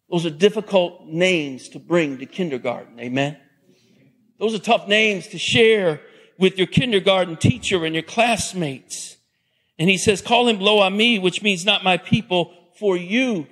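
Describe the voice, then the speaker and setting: A man preaching a sermon as a pastor, animated and acting out the voices of the people in his story. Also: high voice, unhurried. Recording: long hall reverb.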